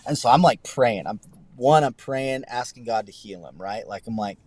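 A man's voice: mid-range voice, moderate pace, a little mellow, dry recording. Earnest man telling a faith story. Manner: earnest storytelling with many restarts. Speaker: guest pastor. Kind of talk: conversational testimony on a podcast.

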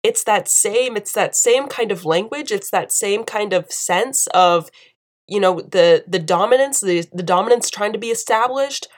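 A woman's voice: mid-range voice, a little slow. A young woman from the United States giving impassioned video commentary, emphatic and indignant, repeating phrases for force.

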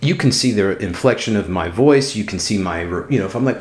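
A man co-hosting a podcast with a lowish voice, chatting casually and swearing freely. He breaks into animated bursts as he makes his points. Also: fast. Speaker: podcast co-host. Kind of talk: casual chat.

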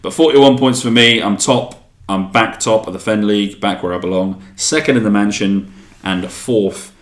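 A man hosts a relaxed podcast. He rambles in casual chat, trips over his own words and swears freely. The room around him is echoey. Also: fairly low pitch, normal speed. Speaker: podcast host.

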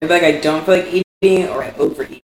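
A young woman co-hosting a podcast in casual chat, candid and animated, swearing freely. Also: on the low side, fast talker. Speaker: podcast co-host. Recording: echoey room, faint background noise.

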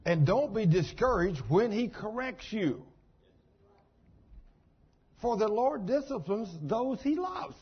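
Older man preaching, husky folksy voice. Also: high-pitched, sing-song, takes it slowly, long pauses. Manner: folksy storytelling, down-home phrasing. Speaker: pastor. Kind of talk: sermon. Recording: dull lo-fi sermon recording.

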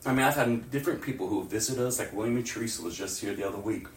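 Male pastor, sermon delivery, animated swings from loud to hushed, distant mic in an echoey church, faint room ambience. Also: on the low side, racing, a little hiss or hum. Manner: animated, swings from loud outbursts to near-whispers.

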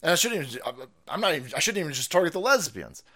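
A man hosting a stream in a profane, sarcastic rant, his pitch leaping up and down as he goes. His voice is bright and sharp and sits a little high for a man. He sounds hungover and combative. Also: big pitch swings, fast. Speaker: streamer host. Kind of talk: ranting political commentary stream.

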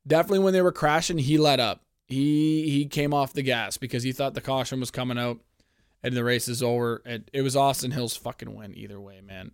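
A man's voice: mid-range voice, steady tone, brisk, clean tone, dry recording, clean studio sound. A man from Canada hosting a casual sports podcast, ranting in a profane, heated, rambling way. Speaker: podcast host.

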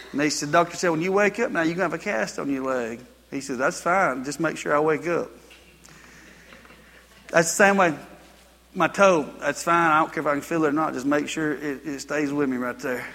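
Folksy preacher, high bright voice. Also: male voice, in a large hall. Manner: folksy storytelling, builds to repeated exhortations. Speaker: pastor. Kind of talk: sermon with personal story.

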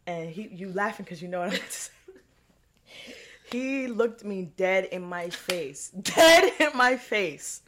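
A woman co-hosting a casual podcast chat, telling stories loudly and animatedly with heavy slang and swearing. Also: mid-range voice, animated, slow pace, a little hiss or hum.

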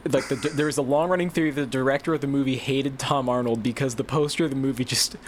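A man's voice: mid-range voice, steady tone, fast talker, slight background noise. A man co-hosting a podcast over a video call, laughing often as he chats. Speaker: podcast co-host.

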